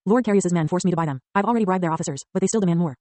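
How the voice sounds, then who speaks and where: A woman's voice: fairly low pitch, rapid-fire, dark tone, no echo, close to an everyday voice. A woman voicing a courteous, soldierly tailor selling his wares in an audiobook. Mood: salesmanlike. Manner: courteous, salesmanlike. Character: polite soldierly male tailor merchant.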